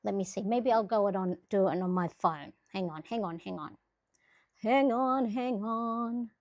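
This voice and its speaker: A woman's voice: mid-range voice, measured pace, darkish tone. A woman hosting a casual planner livestream, chatting to viewers and explaining step by step as she works at her desk. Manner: chatty, rambling, laughs often, talks to viewers; explains step by step while working.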